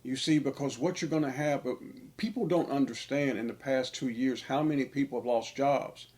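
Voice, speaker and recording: A man's voice: medium pitch, moderate pace, darkish tone. Emphatic man preaching in a drawl. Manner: emphatic, preachy, repeats phrases for stress. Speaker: online preacher. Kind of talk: sermon-style monologue.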